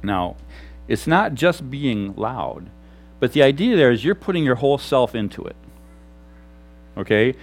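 A middle-aged man, a pastor, preaching an animated sermon on a lapel mic. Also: medium pitch, a little slow, pauses often. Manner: animated, shouts examples.

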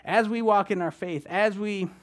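Fast-talking preacher man, fairly high voice. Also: steady tone. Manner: fast-talking, keeps asking "right?". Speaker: guest preacher. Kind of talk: conversational sermon.

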